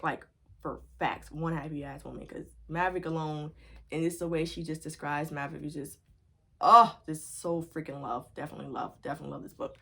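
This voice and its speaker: A woman records a casual book review vlog at home. Her voice sits a little low, and she gushes, repeating phrases as she goes. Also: steady tone, quick pace, gravelly, breathy edge. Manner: gushing, repeats herself. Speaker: book vlogger.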